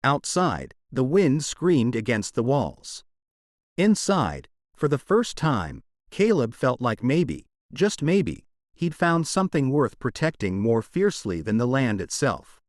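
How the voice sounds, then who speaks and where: A man narrating a romance audiobook in a dramatic, expressive storytelling manner. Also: medium pitch, takes it slowly, no room sound, studio quality.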